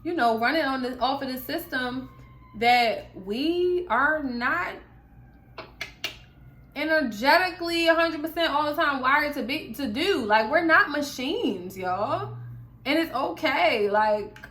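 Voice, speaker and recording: A woman's voice: high-pitched, lively intonation, takes it slowly, fairly bright tone. A young woman vlogger in candid, casual chat, chatty and full of asides. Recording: echoey room.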